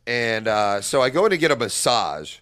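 A man's voice: mid-range voice, sing-song, normal speed, a bit bright. A young man, a podcast co-host, telling a crude comedic story with lots of swearing and laughing at his own punchlines.

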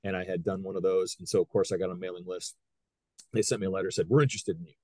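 A middle-aged man, a high school wrestling coach, telling stories in a casual interview with lots of restarts. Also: rapid-fire, no room sound. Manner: animated storyteller, frequent restarts.

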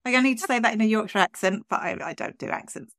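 A woman's voice: on the high side, fast, fairly bright tone, dry recording, studio quality. A woman hosting a podcast, chatting in an upbeat way with lots of asides. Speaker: podcast host. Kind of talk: casual chat.

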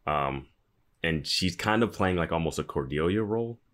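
A man's voice: low voice, expressive, moderate pace, a bit bright. A man from the US East Coast co-hosting a podcast, chatting casually in a rambling way, with lots of fillers. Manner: rambling, filler-heavy, laughs easily. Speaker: podcast co-host. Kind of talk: casual chat.

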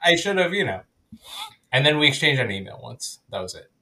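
Male podcast co-host, bright lively voice, animated storyteller, laughs a lot. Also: medium pitch, a little fast, vocal fry. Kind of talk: casual chat.

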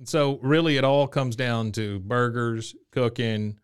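Smooth-voiced man in laid-back podcast chat. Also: medium pitch, a little slow. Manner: laid-back, many "uh" fillers, adds wry jokes. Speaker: podcast co-host. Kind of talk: casual episode recap chat.

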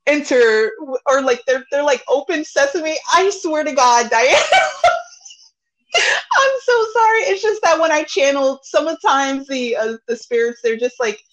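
Animated, fairly high-voiced woman guest. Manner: animated, swears freely, laughs often. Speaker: podcast guest, intuitive reader. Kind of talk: casual spiritual chat.

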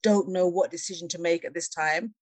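A woman telling a personal travel story in a conversation, lively and laughing, acting out the voices of the people she quotes. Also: lowish voice, fairly quick, no echo. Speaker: guest.

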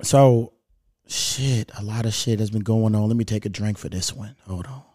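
A man hosting his podcast alone, telling a story in a laid-back, profane, animated way. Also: lowish voice, moderate pace, no room sound, studio quality. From Louisville, Kentucky. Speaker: podcast host. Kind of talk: casual solo storytelling. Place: at home.

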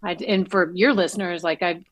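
A woman's voice: lowish voice, moderate pace, no room sound. A middle-aged woman guesting on a podcast, talking casually and acting out quoted voices as she tells stories. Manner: animated storyteller, acts out quoted voices. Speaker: guest actor. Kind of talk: casual interview chat.

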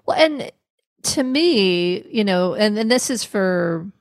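Gravelly-voiced woman therapist. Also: medium pitch, lively intonation, slow, dry recording, studio quality. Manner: thoughtful, searching for words, many restarts. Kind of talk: professional podcast conversation.

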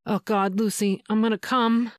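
A devoted adult male lover in an audio story, tender and urgent, read by a woman narrator in her own voice. The voice is smooth and clear. It sits at a steady, narrow pitch and sounds close and dry. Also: moderate pace, dry recording, lightly acted.

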